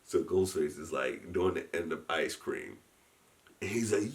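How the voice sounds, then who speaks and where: A man tells a story in a casual chat, animated and quick to laugh. His voice sits lowish and his pitch leaps around. He often restarts his sentences. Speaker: guest storyteller, convention founder.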